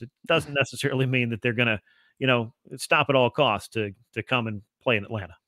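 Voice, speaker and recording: Man, podcast guest analyst, fluent casual talk, bright forceful voice, dry recording. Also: mid-range voice, fairly quick, no room sound. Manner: fluent, expansive explanations.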